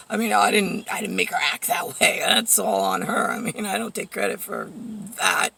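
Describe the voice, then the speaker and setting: A woman's voice: mid-range voice, moderate pace, gravelly, pushed and bright, recorded from a distance. A woman vlogger rambling through a profane, sardonic monologue full of fillers, heard a little away from the mic. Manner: profane, sardonic ranting with frequent fillers and laughs.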